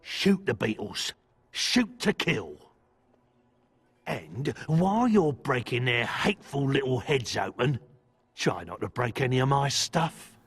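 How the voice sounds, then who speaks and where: A man's voice: mid-range voice, sing-song, slow pace, fairly bright tone, breathy edge, heavily acted. A man voicing a nervous merchant in a video game who loathes beetles and hesitates as he speaks. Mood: vindictive. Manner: nervous, hesitant, then vicious about vermin. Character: jittery male merchant who hates beetles.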